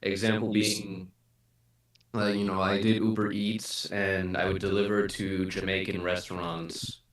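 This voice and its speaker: A man talking casually among fellow voice actors, his tone on the lower side. He rambles with plenty of fillers. The sound is roomy and heavily echoing. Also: level tone, unhurried. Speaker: voice actor in a group meeting. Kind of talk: casual chat. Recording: echoey room, far from mic.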